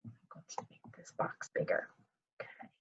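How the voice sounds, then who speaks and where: A woman's voice: moderate pace, highs cut off. A woman teaching kindergarten children in a recorded video lesson, talking patiently in a sing-song teacher voice and calling herself by her surname.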